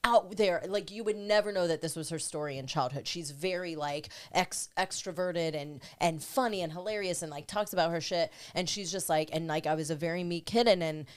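A woman's voice: fairly low pitch, fairly quick, few pauses. A woman in casual podcast chat, talking candidly and earnestly about self-growth, swearing freely.

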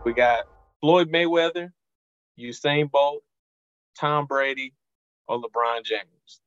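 A podcast host telling a story in casual chat, animated and swearing freely. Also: male voice, mid-range voice, takes it slowly, clear, resonant tone, dry recording, highs cut off.

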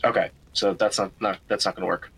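A man's voice: low-pitched, flat delivery, fast, fairly bright tone, husky, rough recording. A man playing a tabletop game, hesitant and full of fillers as he explains his spell ideas. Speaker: player. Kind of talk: casual tabletop game talk.

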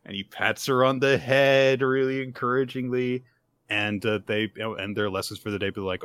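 A man co-hosting a podcast, recapping manga in casual chat and jumping into quick put-on voices for the characters. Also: medium pitch, steady tone, a bit bright, dry recording, studio quality. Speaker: podcast co-host.

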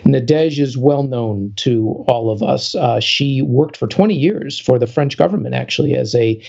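Gravelly husky male podcast host. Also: mid-range voice, darkish tone, dull audio. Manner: talkative, halting restarts. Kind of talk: casual podcast chat.

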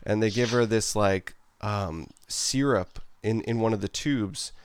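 A man's voice: on the low side, a little slow, slight background noise. A man co-hosting a casual podcast conversation, rambling and leaning heavily on "like" and "um" as he talks. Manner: rambling, heavy on "like" and "um" fillers.

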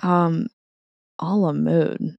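A playful woman co-hosting a podcast, chatting and giggling. Her voice sits a bit low with a gravelly fry. The sound is close and dry. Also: extremely slow, no room sound, muffled recording. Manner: giggly, playful, animated storytelling. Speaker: podcast co-host. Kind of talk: casual chat.

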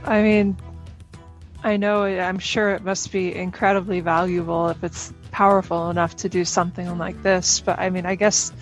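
A woman's voice: lowish voice, poor audio. A woman chatting as a player in a tabletop game, thinking aloud. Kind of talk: casual tabletop game chat.

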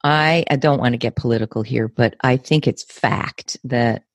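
A woman in her fifties with an American accent, speaking as an interview guest in a measured, emphatic way, often repeating words for stress. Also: a bass voice, no echo, studio quality. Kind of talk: earnest conversational interview.

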